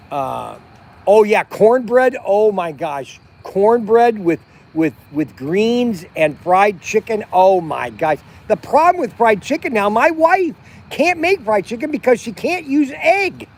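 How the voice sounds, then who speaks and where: Middle-aged man, high-pitched, rambling casual livestream host outdoors at night. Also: a little mellow. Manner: rambling, chatty, many restarts and fillers. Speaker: vlog host. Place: outdoors at a campground by a fire at night.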